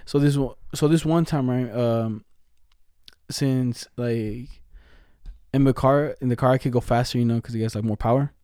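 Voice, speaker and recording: Laid-back young man with a mellow voice. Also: mid-range voice, fairly even intonation, moderate pace, smooth, no room sound, studio quality. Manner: laid-back slangy storytelling, frequent laughs. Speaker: podcast co-host. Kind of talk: casual chat.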